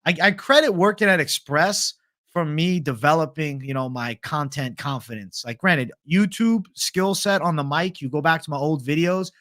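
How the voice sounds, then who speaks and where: A young man chatting casually on a live stream in a laid-back, profane way, with a somewhat high voice. The sound is dry and close, with no room echo. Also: moderate pace, fairly bright tone. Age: young adult. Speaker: host. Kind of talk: casual live-stream chat reading comments.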